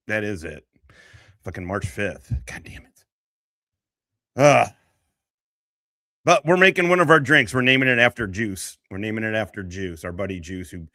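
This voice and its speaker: A man's voice: on the low side, bright, forceful tone, no room sound. A man hosting a casual livestream, talking in a rambling, profane, emotional way. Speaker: livestream host and veteran.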